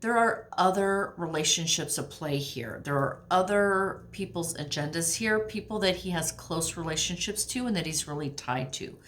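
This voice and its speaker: A woman giving a casual tarot reading to camera in a chatty, animated way. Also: fairly low pitch, moderate pace, few pauses, a little hiss or hum. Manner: chatty, animated, drops to near-whisper while shuffling. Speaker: tarot reader.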